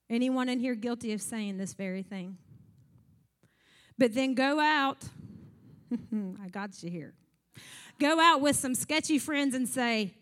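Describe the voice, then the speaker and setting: A woman's voice: on the high side, lively intonation, measured pace, long pauses, fairly bright tone. A woman preaching a conversational sermon, acting out scripture scenes as she talks.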